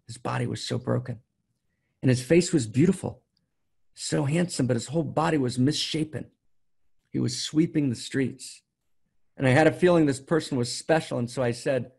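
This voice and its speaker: A man's voice: medium pitch, fairly quick, gravelly, a little mellow, slightly rough. A man giving a sermon as a spiritual teacher, telling a story emphatically and often checking in with the listeners. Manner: emphatic storytelling, keeps asking "right?".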